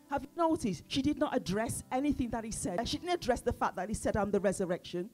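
Female preacher, sermon, fairly high-pitched, engages the congregation with questions; soft instrument music underneath. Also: animated, moderate pace, hardly any pauses. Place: church service.

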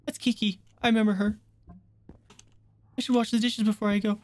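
Medium in pitch and level in tone, this voice moves briskly and has a darkish color. It belongs to a live horror-game streamer who curses constantly, yelps at the scares, and addresses the chat directly.

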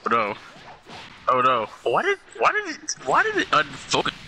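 A man's voice: mid-range voice, wildly swooping pitch, moderate pace, pushed and bright, slight background noise. A man playing a video game with friends, teasing them and laughing often. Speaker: gamer on a let's play channel. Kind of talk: casual gaming banter.

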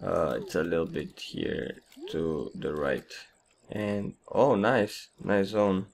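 A man hosting a casual gameplay commentary, his voice partly lost, rambling and trailing off quietly. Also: deep voice, slow pace, vocal fry. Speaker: gaming channel host.

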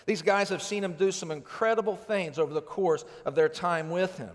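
Man, pastor, high voice, earnest conversational sermon, long church reverb. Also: normal speed. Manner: earnest, conversational preaching with rhetorical questions. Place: church sanctuary.

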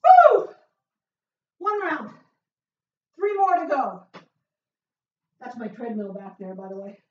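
A woman's voice: fairly high pitch, big pitch swings, a little slow. A woman coaching a home workout, upbeat and encouraging with frequent whoops, often out of breath. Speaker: fitness instructor. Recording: echoey room, far from mic, dull sound.

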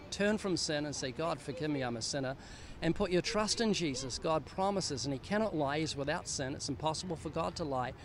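A man's voice: fairly high pitch, a little hiss or hum. An older man sharing his faith earnestly with a stranger on a city street, pleading and serious. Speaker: street evangelist. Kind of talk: street evangelism conversation.

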